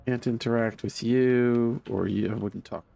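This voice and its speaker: A man's voice: medium pitch, fairly even intonation, measured pace, gravelly, mellow, faint music behind. A congested man streaming a game, chatting casually in a wry, rambling way with many fillers. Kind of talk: casual gameplay commentary.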